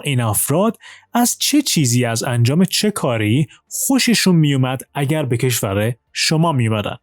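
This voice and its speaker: Male English teacher, Persian native, animated pitch, slow careful reading, dry recording. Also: no echo. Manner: reads textbook lines slowly, then explains quickly in Persian. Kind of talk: bilingual language lesson.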